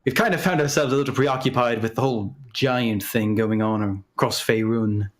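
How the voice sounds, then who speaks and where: A man's voice: medium pitch, normal speed, natural voice. A man voicing a boastful, charming adventurer in a tabletop role-playing game. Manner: boastful, bubbly.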